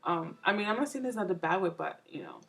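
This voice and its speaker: Low, gravelly young mom chatting. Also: female voice, big pitch swings, quick pace, fairly bright tone, rough recording. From New York. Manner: rambling, full of fillers and restarts. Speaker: mom vlogger. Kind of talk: casual chat to camera.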